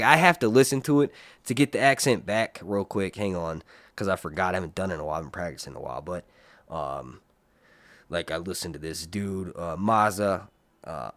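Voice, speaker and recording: A man's voice: on the low side, dry recording. A man from North Carolina, chatting casually on a livestream and laughing often. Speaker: livestream TV show reviewer. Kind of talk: casual live chat.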